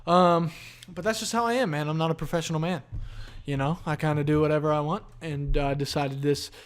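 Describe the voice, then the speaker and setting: A man's voice: fairly high pitch, fairly even intonation, brisk, clean tone. A tired, yawning man hosting a solo podcast, rambling in a laid-back, profane stream of consciousness. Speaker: podcast host.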